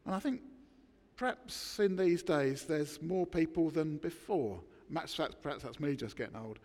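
A man preaching a sermon, emphatic, with dramatic pauses between words. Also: a little high, expressive, darkish tone, in a large hall. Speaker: pastor. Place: church.

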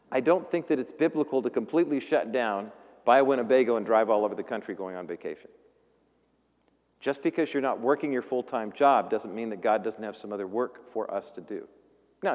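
Casting: male pastor, sermon delivery, lively and theatrical, church reverb. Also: mid-range voice. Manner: animated, acts out voices of characters. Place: church sanctuary.

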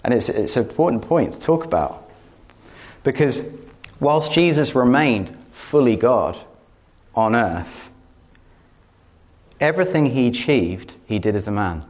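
A man's voice: medium pitch, expressive, unhurried, long pauses, darkish tone. A man preaching and telling a personal story in an earnest way, doubling words for stress and breaking into laughter. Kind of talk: teaching talk with personal story.

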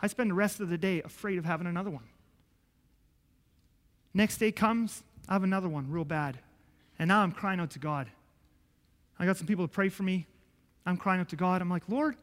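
Pastor guy preaching, high voice, swings quiet to loud, echoey church hall. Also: fairly quick. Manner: emotional storytelling, swinging from hushed to loud. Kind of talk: sermon.

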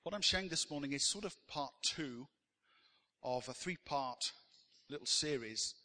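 A man's voice: medium pitch, bright, forceful tone, in a large hall. A man preaching a sermon as pastor, telling stories in a conversational way with frequent "uh" fillers.

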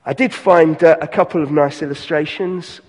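A pastor giving an earnest sermon, slowing and softening on key lines. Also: male voice, on the high side, fairly even intonation, long reverb tail.

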